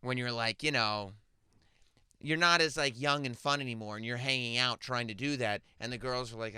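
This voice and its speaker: A man's voice: medium pitch, normal speed, sharp tone, smooth, dry recording, clean studio sound. A male talk show host teasing and prodding his guests in casual chat.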